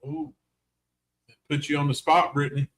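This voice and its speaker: A man's voice: a little high, monotone, moderate pace, fairly bright tone. Folksy North Carolina man hosting. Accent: Southern US, North Carolina. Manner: chatty, folksy, teasing. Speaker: co-host of paranormal live stream. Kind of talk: casual live stream chat.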